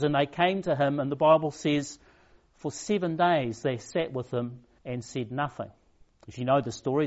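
A man delivers a sermon in a storytelling manner, slowing down for emphatic pauses. His voice sits a little high for a man. The recording is slightly dull and lo-fi. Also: darkish tone. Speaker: preacher.

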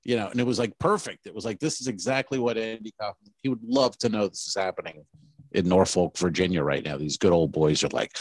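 Low-voiced man telling rambling stories. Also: fairly quick, dry recording. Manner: rambling, profane storytelling. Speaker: podcast co-host. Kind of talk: casual comedy podcast chat.

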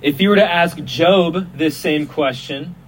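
A man's voice: on the high side, unhurried, rough recording. A man preaching a casual, joking sermon at an outdoor festival, often restarting his words. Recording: outdoor recording, faint hum and passing vehicles.

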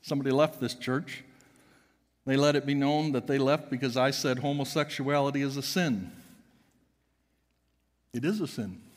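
A pastor delivering an emphatic sermon in a church, swinging between loud and hushed. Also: male voice, medium pitch, little pitch movement, normal speed, in a large hall. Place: church sanctuary.

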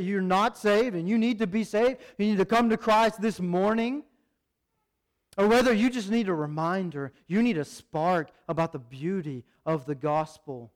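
A man preaching a sermon as pastor, urgent and animated, acting out little quotes. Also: fairly high pitch.

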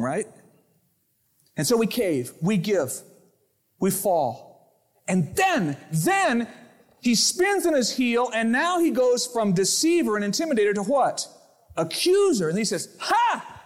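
A male pastor preaching with a high, very lively voice that leaps up and down. He throws himself into his sermon and acts out the voices in his quotes and stories. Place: church sanctuary.

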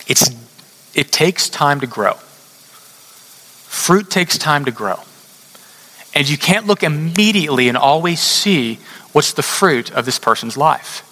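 A man preaching a sermon, telling a story in a conversational way and slowing down hard to stress his points. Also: fairly high pitch, lively intonation, bright, forceful tone. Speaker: pastor. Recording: long hall reverb.

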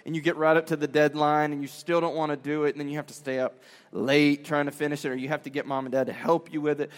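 A man, a father, telling a story to young listeners in an animated way, acting out quotes and laughing often. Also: a little high, fast, big-room sound. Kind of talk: storytelling talk.

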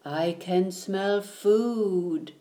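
A big, hungry storybook bear, as a woman reader puts him on, greedy and hearty, bellowing over food. The telling is slow and drawn out. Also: medium pitch, warm tone.

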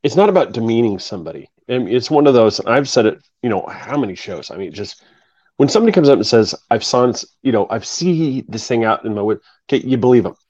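A man's voice: mid-range voice, lively intonation, fast, darkish tone, no room sound, muffled recording. A man hosting a podcast, talking in a rambling way that keeps restarting. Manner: rambling, restarts and repeats himself. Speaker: podcast host. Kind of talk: casual chat.

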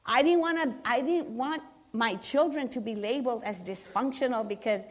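A woman's voice: fairly high pitch, normal speed. A middle-aged woman speaking earnestly as she gives a personal testimony at a church service, often restarting her sentences for emphasis. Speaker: church member giving testimony.

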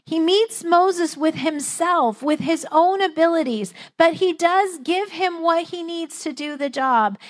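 High-voiced woman preaching a sermon. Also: a little slow, few pauses. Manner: conversational, lightly humorous preaching, acting out quoted voices. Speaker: pastor.

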